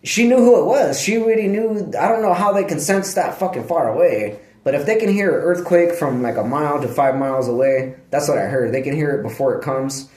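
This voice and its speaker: A man's voice: fairly high pitch, fairly quick, hardly any pauses, darkish tone. A man vlogging in casual, rambling talk, laid-back and profane, laughing often. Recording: echoey room.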